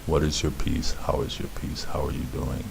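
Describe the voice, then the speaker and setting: Very deep gravelly-voiced man teaching slowly. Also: little pitch movement, slight background noise. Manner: patient, repeats words slowly for learners. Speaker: Hebrew teacher. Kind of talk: instructional explanation.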